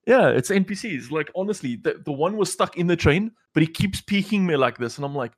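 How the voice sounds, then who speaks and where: Excitable high-voiced gamer man. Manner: excitable, quick to laugh. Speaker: game streamer. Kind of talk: casual podcast chat.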